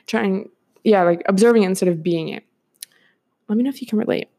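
A young woman in her twenties hosts a solo podcast in a medium-pitched, mellow voice that runs a little fast. She talks casually and rambles, using lots of filler words and laughing often.

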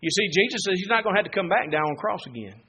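A man preaching a sermon, moving from quiet Bible teaching to loud, fervent exhortation. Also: high-pitched, animated, rapid-fire.

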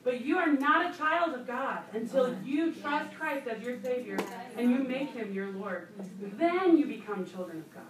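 Woman Bible teacher, high voice, chatty and emphatic, distant mic in an echoey church. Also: lively intonation, normal speed, few pauses, crowd noise. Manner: conversational, laughing asides, emphatic repetition. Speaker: women's Bible study teacher. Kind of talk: sermon teaching. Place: church room.

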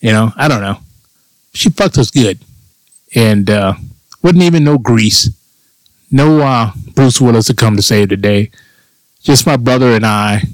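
Ranting, foul-mouthed man, low voice. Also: dry recording, poor audio. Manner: crude, ranting, sarcastic; swears often. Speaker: podcast host. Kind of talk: casual profane monologue.

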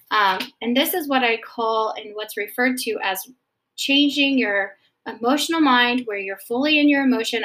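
A woman counselor explaining anxiety gently, often checking in with "okay?", then reading scripture. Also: fairly high pitch. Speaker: Christian counselor teaching about anxiety. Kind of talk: faith-based teaching talk.

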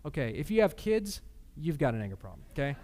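A man's voice: on the high side, very animated, fast, mellow. A man in his thirties preaching a sermon in a conversational, emphatic way, telling personal stories. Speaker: pastor.

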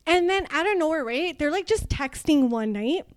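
High-voiced young woman telling a story. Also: animated, moderate pace. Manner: chatty storytelling, fillers, swearing, laughing. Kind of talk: casual chat.

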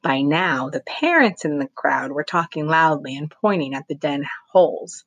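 A woman's voice: low voice, animated, moderate pace, a bit bright, husky, no echo, lo-fi sound. A woman, a teacher, reading a novel aloud expressively and adding brief asides of her own.

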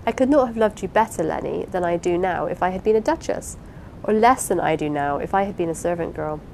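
A woman reading the part of an impulsive, warm-hearted young wife in an audiobook, with an eager, pleading, apologetic manner. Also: on the low side, expressive, fairly quick, gravelly, a little hiss or hum, rough recording. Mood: earnest.

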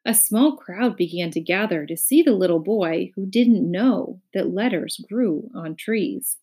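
A woman reading a children's book aloud with expressive storybook narration. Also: lowish voice, unhurried.

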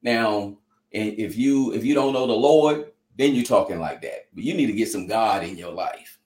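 A man's voice: lowish voice, moderate pace, darkish tone. A man speaking earnestly in an interview, heartfelt and preacher-like, with many "you know" fillers. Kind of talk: earnest conversational testimony. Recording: echoey room.

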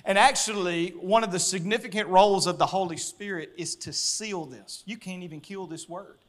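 A man, preaching a sermon as pastor and telling a story with lively acted-out voices. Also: sits high, moderate pace. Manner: animated storyteller, acting out voices, laughing.

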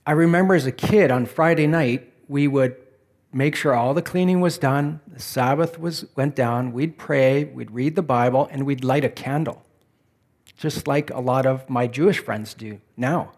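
A man's voice: mid-range voice, moderate pace, darkish tone. A man preaching a sermon in a conversational, reflective way, asking the listeners questions. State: back pain.

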